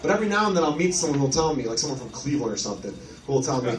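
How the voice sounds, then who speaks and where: A man from Chicago doing a brash, profane stand-up comedy set on a comedy club stage, with lively storytelling. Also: mid-range voice, racing, few pauses, recorded from a distance, soft background music. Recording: echoey club recorded from afar. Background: audience laughter.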